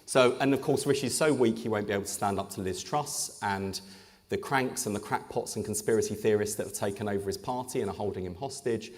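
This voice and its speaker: Talking a little fast in a fairly low voice, a male English politician trades punchy, joking lines during a live on-stage conversation. Long reverb from an echoey hall colors the recording.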